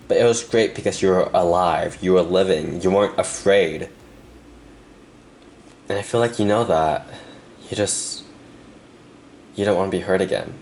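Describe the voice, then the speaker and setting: A young man doing a pick-a-card tarot reading, talking softly and earnestly to the viewer with pauses, and emotional at times. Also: low-pitched, a little hiss or hum. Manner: soft, earnest, speaks directly to the viewer with pauses. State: emotional, close to tears. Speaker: tarot reader.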